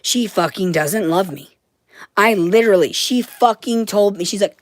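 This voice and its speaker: An agitated woman delivering a rambling, profane monologue to the camera, swinging between loud ranting and hushed whispers. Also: medium pitch, a little slow, no room sound. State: agitated, frantic.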